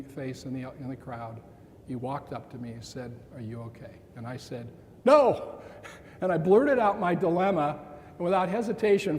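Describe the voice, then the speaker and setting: A man in his sixties giving a keynote talk, telling a personal story with dramatic pauses and quoted lines. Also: a little high, mellow. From Montana. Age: 60s. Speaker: keynote speaker. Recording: long reverb in a large hall, faint room noise.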